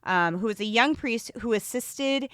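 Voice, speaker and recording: A woman co-hosting a podcast, retelling case notes in a casual, animated way and laughing often. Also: fairly high pitch, a little slow, no echo, studio quality. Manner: laughs often, animated when joking, slips into a rural accent. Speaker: podcast co-host.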